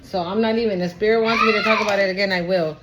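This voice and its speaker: A woman's voice: medium pitch, fairly even intonation, very fast, dull audio, over loud music. A woman giving a casual tarot reading to her viewers, chatty and emotional, often trailing off and restarting. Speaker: tarot reader. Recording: background noise.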